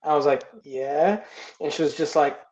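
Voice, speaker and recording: A man's voice: a little high, level tone, fast talker, a little mellow. A man, a film director and guest, telling stories in a casual interview, often repeating words as he searches for them. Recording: roomy, dull lo-fi sound.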